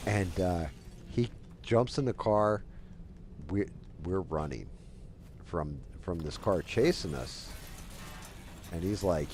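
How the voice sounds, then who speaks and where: A man's voice: low-pitched, slow pace, pauses often, a little mellow, a little hiss or hum. A man in his forties, a game streamer, casually telling a long rambling story while he plays, with lots of filler words. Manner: rambling, loose, heavy with "like" fillers.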